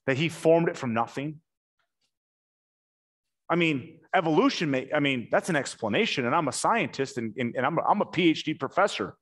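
Man, sermon, animated storytelling, emphatic, a bit high-pitched. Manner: animated storytelling, acts out quotes, emphatic slow punchlines. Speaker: preacher.

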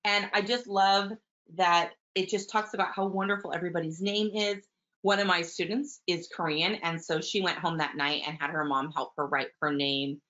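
A woman teaching early childhood, talking warmly about picture books and reading them aloud. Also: sits low. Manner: warm, gentle, enthusiastic teacher, with soft fillers. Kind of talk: webinar talk with book read-alouds. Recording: muffled webinar audio.

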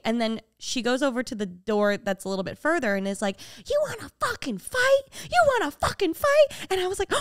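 Her tone is clean, and the recording is dry and studio quality. This young woman co-hosts a podcast, lively in her storytelling and acting out quotes with sharp pitch jumps during casual conversation.

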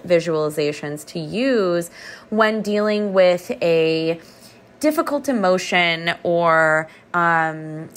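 A woman art therapist giving a calm, reflective motivational podcast talk, guiding listeners through a visualization. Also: lowish voice.

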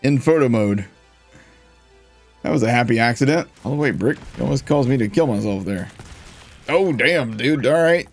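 A man giving casual, jokey commentary over his own gameplay, laughing often and getting excitable. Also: mid-range voice, normal speed, gravelly, pauses often, soft background music. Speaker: gaming streamer.

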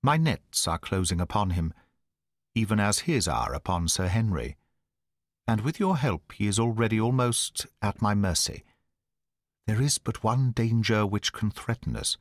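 A man's voice: on the low side, expressive, measured pace, dry recording, studio quality. A man voicing an intense, commanding male detective in an audiobook reading, speaking in urgent, clipped lines. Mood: grave.

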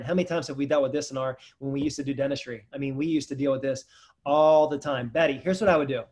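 Energetic man hosting a webinar Q&A. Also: mid-range voice. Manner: energetic, rambling, speaks straight to viewers. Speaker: dentist presenting a webinar. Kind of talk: casual webinar Q&A.

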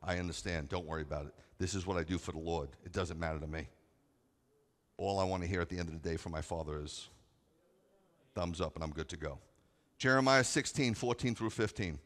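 Dramatic preaching man, deep voice. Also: fairly quick. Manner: dramatic, swings from soft asides to loud scripture readings. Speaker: rabbi preaching. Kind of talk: sermon. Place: congregation sanctuary.

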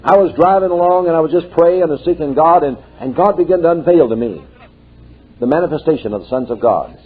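A man's voice: a little high, animated, a little fast, breathy edge. An older male preacher telling folksy stories in a sermon and rising to fervent exclamations. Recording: tinny lo-fi tape.

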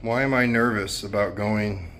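A man's voice: fairly low pitch, fairly even intonation, normal speed, a bit bright. A man, a trucking vlogger, chatting casually on a road trip in a rambling, easygoing way with many fillers. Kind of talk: casual vlog chat. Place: in and around a pickup, outdoors. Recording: noisy outdoor vehicle recording.

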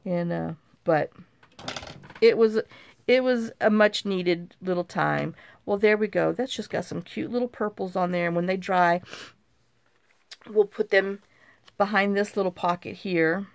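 A crafting channel host works on journal cards while telling a rambling story, her medium-pitched, gravelly voice a little slow with frequent pauses. Warm, gossipy and easily amused, she keeps repeating "I said" and "you know."

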